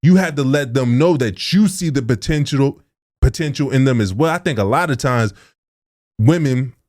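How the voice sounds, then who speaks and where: A man's voice: mid-range voice, expressive, moderate pace, a little mellow. Young adult man, podcast co-host; earnest, informal, a touch preachy. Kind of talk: casual podcast talk.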